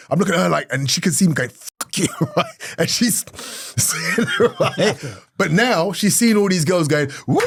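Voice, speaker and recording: A middle-aged man, a comedian telling an animated story in conversation, swinging from hushed to loud and laughing often. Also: high-pitched, no echo, studio quality. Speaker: comedian guest.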